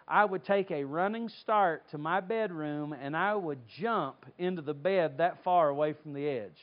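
A man from North Carolina, preaching a sermon and telling stories with lively acted-out voices. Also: high-pitched, dull audio. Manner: animated storytelling, acts out voices. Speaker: pastor.

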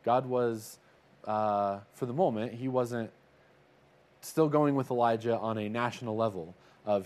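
A man's voice: medium pitch, measured pace, a little mellow, slight background noise. Casual man retelling a Bible story. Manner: conversational, retells scripture with little acted-out voices. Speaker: Bible teacher.

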